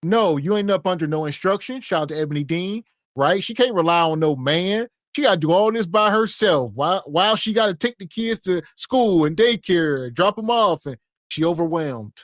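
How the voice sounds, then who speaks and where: A man's voice: high-pitched, animated, normal speed, no echo, studio quality. A man co-hosting a podcast, commenting bluntly on a video in a casual, mocking way. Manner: blunt, mocking, quotes others. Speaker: podcast co-host.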